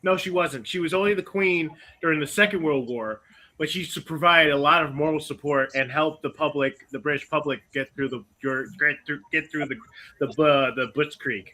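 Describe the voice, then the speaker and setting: Bright high-voiced chatty man. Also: fairly quick. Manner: chatty, corrects himself mid-sentence. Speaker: podcast co-host. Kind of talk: casual podcast chat.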